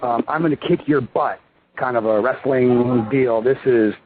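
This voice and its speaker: A man in his thirties, a pro wrestler and interview guest, talking in a rambling, excitable way full of fillers. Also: medium pitch, unhurried. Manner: excitable, rambling, full of "you know" and "I mean". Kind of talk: casual phone interview. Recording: tinny phone line with faint hiss.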